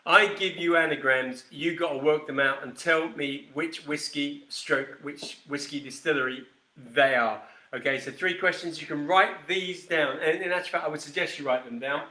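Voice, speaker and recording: A man's voice: fairly high pitch, moderate pace, pushed and bright, roomy sound. A man hosting a live whisky show, chatting casually with viewers by name and rambling as he demonstrates a cocktail. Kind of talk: casual live-stream chat and cocktail demo.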